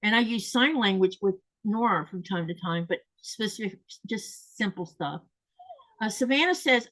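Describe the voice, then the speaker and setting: A woman's voice: a little high, expressive, moderate pace, a bit bright, low-quality recording. A woman from the States, hosting a casual livestream and chatting as she reads viewer comments aloud. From Southern United States. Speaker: host.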